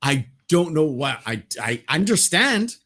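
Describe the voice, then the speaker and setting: A man co-hosting a casual movie podcast, animated, swearing freely and laughing often. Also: fairly high pitch, measured pace. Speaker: podcast co-host.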